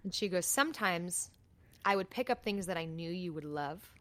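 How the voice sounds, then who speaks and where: A young woman co-hosting a podcast, talking casually and warmly about family with many fillers. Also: on the low side, expressive, moderate pace. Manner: chatty, lots of fillers like "like". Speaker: podcast co-host. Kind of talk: casual chat.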